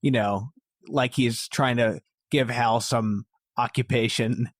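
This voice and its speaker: A man's voice: mid-range voice, fairly even intonation, slow pace, no room sound, clean studio sound. A man hosting a podcast, musing about a film in a hesitant, thoughtful way. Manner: thoughtful, hesitant, many fillers. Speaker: podcast host. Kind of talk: casual film discussion.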